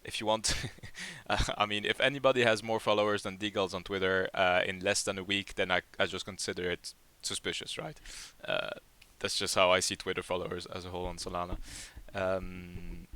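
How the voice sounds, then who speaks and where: Deep-voiced man in casual chat. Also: steady tone, a little fast, pushed and bright, dry recording. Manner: rambling and chatty, with many fillers and repeats. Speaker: project lead hosting a community AMA.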